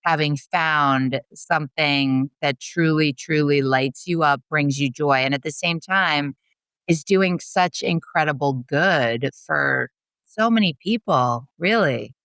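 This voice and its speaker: A woman co-hosts a podcast interview, heartfelt and openly moved. Her voice is smooth and clear, sitting a little low, in a dry recording. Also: takes it slowly, fairly bright tone, dry recording. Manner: heartfelt, emotional. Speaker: podcast co-host.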